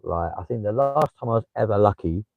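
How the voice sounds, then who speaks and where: A man's voice: fairly low pitch, animated, brisk, gravelly, phone-quality sound. A young man with a London accent chatting casually on a livestream, swearing freely and replying to viewers. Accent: London English. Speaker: livestream host.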